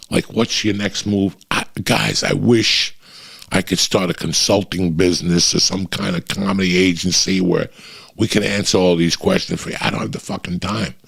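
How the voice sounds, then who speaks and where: A middle-aged man, a comedian, telling profane, animated road stories in a casual chat. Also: low-pitched, creaky, slightly rough. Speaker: comedian guest. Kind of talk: storytelling chat.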